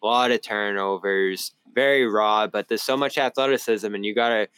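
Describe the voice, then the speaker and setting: A man's voice: on the low side, moderate pace, clean tone, no room sound. A man with a Boston accent, a sports reporter talking basketball in a casual postgame show, telling stories with laughter. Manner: animated storyteller, laughs often. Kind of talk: casual postgame podcast chat.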